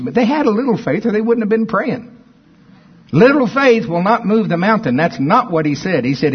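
Man preaching a sermon, husky voice, animated swings in volume, slightly dull recording. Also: a little high, normal speed. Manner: animated, swings from quiet to loud, quotes scripture.

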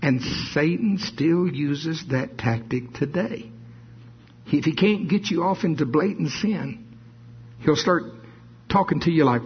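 A man preaching a sermon, reading scripture slowly and adding playful asides. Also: a little high, lively intonation, slightly rough. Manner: reads scripture slowly, adds asides with laughs. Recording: dull lo-fi sermon recording.

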